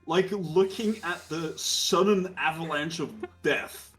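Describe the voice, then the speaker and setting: A man's voice: a little high, slow pace, music in the background. A man acting as game master, narrating a tabletop game in a wry, crude way with laughing asides.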